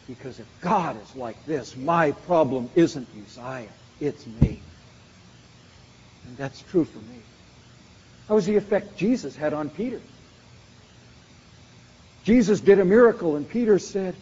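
A man's voice: fairly high pitch, expressive, a little slow, long pauses, warm tone, a little hiss or hum. A man preaching a sermon with an emphatic, repetitive cadence. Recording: muffled recording in a reverberant hall.

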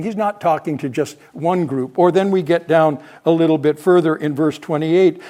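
A man's voice: a little high, normal speed, hardly any pauses, warm tone. An older man preaching on a Bible passage, thinking aloud and correcting himself as he goes. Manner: thinking aloud, frequent restarts and self-corrections. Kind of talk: expository Bible teaching.

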